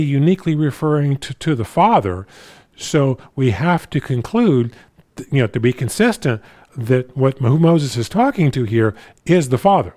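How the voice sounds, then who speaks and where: A man preaching a sermon, stumbling over repeated words and restarts, reading scripture slowly and deliberately. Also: fairly high pitch, darkish tone. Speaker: pastor.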